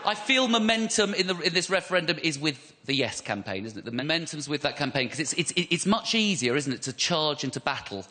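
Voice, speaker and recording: A man's voice: on the high side, big pitch swings, brisk, few pauses, pushed and bright, slight background noise. An English man from West London doing a self-deprecating stand-up set with stammering repeats, on a live comedy stage. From West London, England. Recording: live stage recording with audience laughter.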